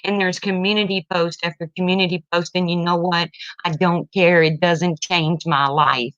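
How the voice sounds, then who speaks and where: A woman's voice: lowish voice, steady tone, moderate pace, a bit bright, no echo. A middle-aged woman venting about her family in an emotional personal rant, blunt and heated, tearful at times. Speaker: parent venting online. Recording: dull lo-fi sound, dry.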